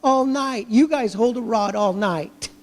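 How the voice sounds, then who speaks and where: A man with a strikingly high voice delivers a sermon as pastor, leaning on rhetorical questions and playing out people's inner thoughts. His voice rings through a church with a long, trailing reverb. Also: measured pace.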